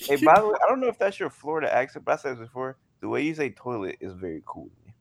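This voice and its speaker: Gravelly young man with lively pitch. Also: rapid-fire, dry recording. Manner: laughing, animated storyteller. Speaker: podcast co-host. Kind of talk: casual chat.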